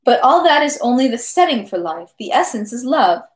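A woman's voice: fairly high pitch, big pitch swings, moderate pace, roomy sound, voice pushed up. A woman doing an effusive French army captain. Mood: expansive. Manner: effusive, insistent, sentimental. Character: merry, boastful male French army captain.

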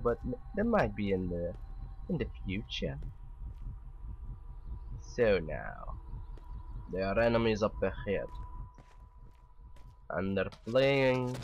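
Slow, joking man commentating a game. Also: on the low side, slight background noise. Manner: joking, chatty, talks to game characters. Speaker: gamer commentating his playthrough. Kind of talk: casual let's play commentary.

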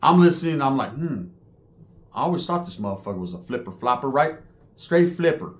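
Middle-aged man, storyteller; lively pitch, slangy, slips into others' voices. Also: fairly quick. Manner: street slang, animated retelling, mimics other inmates' voices. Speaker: podcast storyteller. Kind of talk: casual storytelling.

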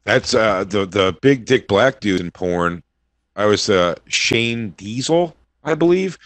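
A man's voice: lowish voice, lively intonation, slow pace, fairly bright tone, no room sound. A man co-hosting a podcast, laid back and crude, laughing into his own stories in casual banter. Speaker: podcast co-host.

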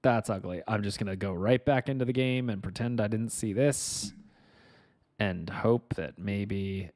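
Ask: a low-voiced man streaming, frustrated and self-mocking. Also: unhurried, darkish tone. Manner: frustrated and self-mocking, muttering to himself and viewers. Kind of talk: casual live-stream chat while fixing a game setup.

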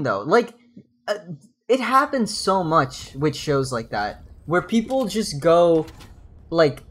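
Young streamer rambling and cussing mid-game, voice jumps all over the place, laughs a lot. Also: mid-range voice. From New Jersey. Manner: rambling, profane, laughs often. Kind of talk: casual gaming stream chatter.

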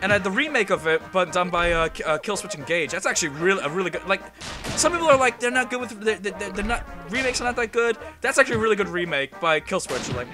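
A man giving casual, rambling commentary while playing a game, excitable and swearing freely. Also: sits high, fast talker. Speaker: gameplay commentator. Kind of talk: casual let's-play commentary. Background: game music.

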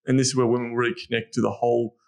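A man's voice: medium pitch, level tone, racing, creaky. A man with an Australian accent, a guest coach talking frankly on a podcast, swearing freely and acting out the lines he would say. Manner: blunt and heavily profane, acts out lines he would say. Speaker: guest, dating and sex coach. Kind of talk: candid podcast conversation.

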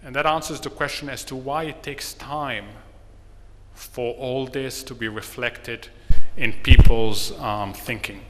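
Measured seminar speaker, bright tone, hall reverb. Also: male voice, mid-range voice, steady tone, a little hiss or hum. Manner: measured, explanatory, tells a joke. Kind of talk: seminar talk. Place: conference hall.

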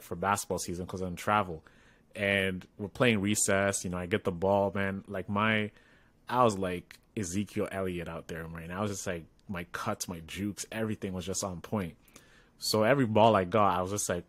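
A low-voiced man co-hosting a podcast tells a story in casual conversation, animatedly performing the voices of the people involved. The recording has no room sound.

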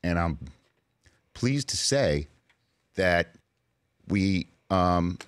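A man in his late forties with a very low, deep voice, recounting a personal story on a sports talk show. He speaks earnestly and grows emotional at times. The studio sound is dry and close. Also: animated, very slow, smooth, no room sound. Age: 40s. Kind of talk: casual chat. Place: radio studio.

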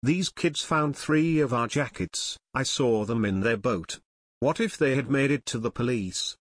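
A man's voice: medium pitch, measured pace, no echo, lightly acted. A man reading an audiobook, voicing a harsh, sneering adult gang leader in a dry, close recording. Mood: angry.

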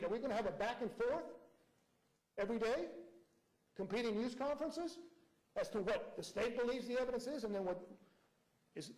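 In a rough recording, a man with a high-pitched, darkish voice argues as prosecutor before a judge. He reads quotes aloud and presses rhetorical questions.

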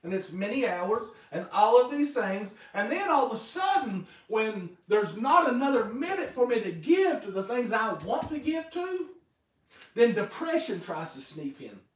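A man preaching a sermon as pastor, telling stories in a lively way and acting out quotes. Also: extremely high pitch, a little slow. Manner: lively, animated storytelling with acted-out quotes. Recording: echoey hall, voice from far off.

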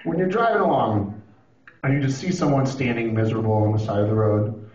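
A man doing a profane, animated stand-up routine on a club stage, now and then breaking into shouted impressions. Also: medium pitch, fairly quick. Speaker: stand-up comedian. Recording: roomy, distant, dull lo-fi club recording. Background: audience laughing.

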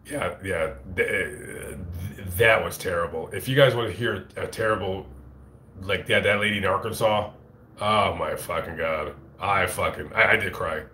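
A man hosting his own livestream, chatting casually and profanely with many halting restarts, on a phone mic. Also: on the low side, expressive, sharp tone. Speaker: channel host on a livestream. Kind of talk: casual rambling livestream chat. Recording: echoey room.

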